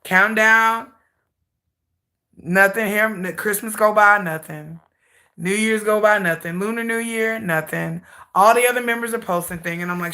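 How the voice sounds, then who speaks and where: A woman hosting a K-pop channel livestream, telling a dramatic, salty story with animated humor. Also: mid-range voice, normal speed. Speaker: K-pop YouTube channel host. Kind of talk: casual livestream rant.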